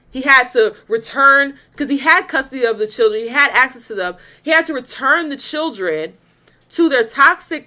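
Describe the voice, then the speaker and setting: A young woman hosting a reaction video in a high, bright voice. She comments bluntly and with exasperation, swears freely and breaks into laughter. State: pregnant.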